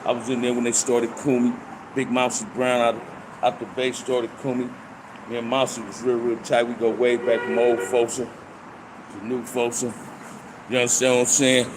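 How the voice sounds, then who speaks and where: An older man telling stories from his past in casual street slang, and he gets animated when he reenacts fights. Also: medium pitch, noisy background. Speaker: storyteller recounting prison life. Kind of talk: casual storytelling monologue.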